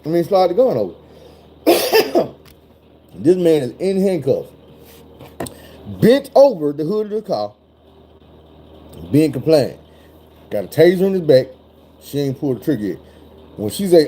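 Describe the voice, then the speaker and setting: Husky-voiced man ranting with heavy profanity. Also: sits high, normal speed, long pauses. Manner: animated, profane, acts out voices in his retelling. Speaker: commentator. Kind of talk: casual profane commentary.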